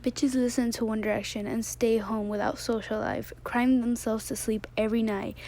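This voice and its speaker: A woman's voice: on the high side, level tone, normal speed, dark tone, a little hiss or hum. A young woman reading fan tweets aloud in a casual way, often breaking into laughter. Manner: giggly, keeps breaking into laughter.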